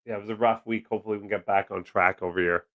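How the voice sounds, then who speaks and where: A man's voice: fairly low pitch, fairly even intonation, racing, narrow, tinny audio. A man hosting a casual live stream from his desk at home, rambling and joking as he reads and answers the chat. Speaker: livestream host. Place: home desk with several monitors.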